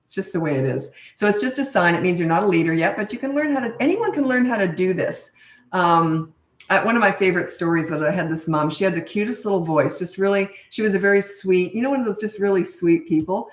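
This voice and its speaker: A middle-aged woman answers viewers' parenting questions in a chatty, straight-talking way, often restarting her sentences. Her voice is mid-pitched. It bounces around an echoey room, and she sits back from the microphone. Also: animated, fast talker, recorded from a distance. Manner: blunt and frank, chatty with restarts. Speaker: parenting coach.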